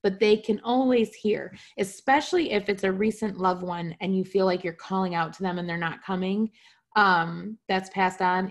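A woman with a slightly low voice teaches a spiritual class online, heard through a video call. Her delivery is casual and conversational, and she often checks in with her listeners. She now and then pokes fun at herself. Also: creaky. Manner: light self-mocking humor.

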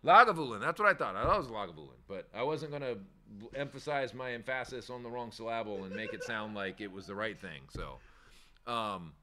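A man's voice: on the low side, animated, fairly quick, bright, forceful tone, a little hiss or hum. A man hosting a casual chat show, rambling and candid, swearing freely and laughing easily. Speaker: shop owner hosting a weekly chat show.

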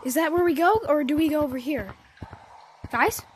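A young woman giving excited, exclaiming commentary while playing a VR game. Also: high-pitched. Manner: squealing, exclaiming, quick mood swings. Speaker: gameplay vlogger. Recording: noisy game audio behind.

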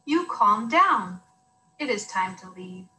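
A woman voicing a calm, patient mother soothing her daughter in a children's story. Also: medium pitch, slow pace, a little hiss or hum, heavily acted, low-quality recording.

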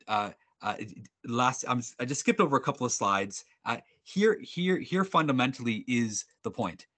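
A man presenting a sales webinar over a video call, upbeat and animated, joking with attendees and restarting his sentences often. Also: medium pitch. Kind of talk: energetic workshop presenting.

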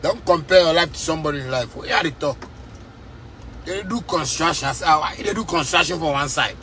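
A man's voice: fairly high pitch, a little fast, pushed and bright, faint music behind. Fiery Ghanaian man ranting in a car. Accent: Ghanaian Pidgin English. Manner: fiery, repetitive, preachy street talk. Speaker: musician vlogger. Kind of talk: casual rant to camera. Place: inside a car.

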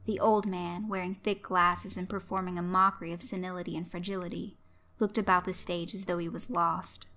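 A woman narrating a story in a steady, even storytelling manner. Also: lowish voice, a little fast.

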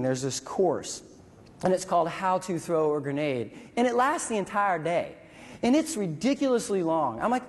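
A man and military veteran telling a story to an audience, animated and acting out dialogue and sound effects. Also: high voice. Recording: long reverb from a hall.

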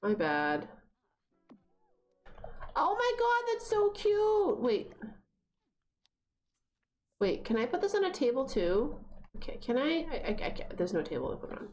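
A young woman streaming a life-simulation game, chatting casually and talking to her characters, with sudden excited squeals. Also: a little high, moderate pace, pauses often. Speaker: gaming streamer. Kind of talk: casual gameplay commentary.

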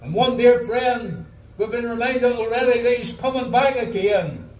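A man with a Northern Irish accent preaching an open-air gospel sermon, pleading earnestly and often calling out "dear friend". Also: extremely high pitch. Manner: earnest pleading appeals, repeated "dear friend", slow drawn-out scripture quotes. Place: outdoor harbour drive-in gospel meeting. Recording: echoey, voice from far off the mic.

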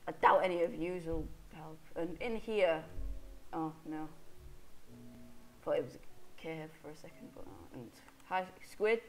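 A woman's voice: low-pitched, a little slow, pauses often, faint music behind, poor audio. A woman commentating her Minecraft play in a chatty, self-mocking way, hiccuping as she talks. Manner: chatty, self-deprecating, talks to in-game animals. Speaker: Minecraft let's player. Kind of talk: casual gameplay commentary.

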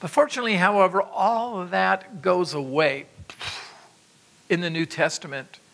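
A man's voice: sits high, normal speed, gravelly, fairly bright tone. A man preaching a sermon, exhorting his listeners with emphatic repetitions and asides to them. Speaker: pastor.

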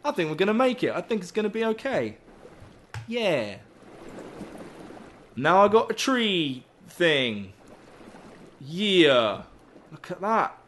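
A gaming YouTuber narrates his survival game session in a high-pitched, sing-song voice, taking it slowly and pausing often. He rambles, jokes, swears freely, and yelps when startled; the tone is a bit bright, with slight background noise.

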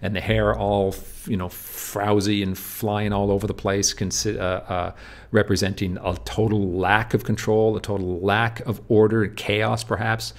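A man's voice: fairly low pitch, flat delivery, a little slow. A man teaching literature over slides, often asking "do you see?" between points, with many fillers and restarts.

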